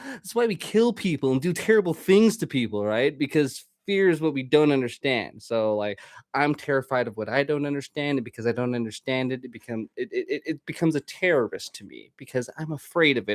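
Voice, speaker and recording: A man's voice: on the high side, dry recording. Profane rambling man, dry close sound. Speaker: podcast host. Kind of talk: casual monologue.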